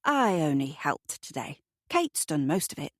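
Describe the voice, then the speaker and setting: Woman reading a shy, gentle woman. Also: sits low, sing-song, a little slow, no echo, studio quality, exaggerated voice.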